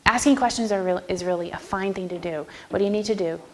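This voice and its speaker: A woman music teacher leads a first-grade class, firm and clear and talking fast. Now and then she breaks into a sung or high voice to demonstrate a rhythm.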